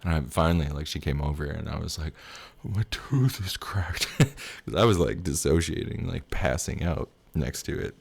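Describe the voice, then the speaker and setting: A young man with an extremely low, gravelly voice tells a personal story in a loose, rambling way. He talks candidly as a tarot reader, laughs often and swears freely. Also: normal speed, slight background noise.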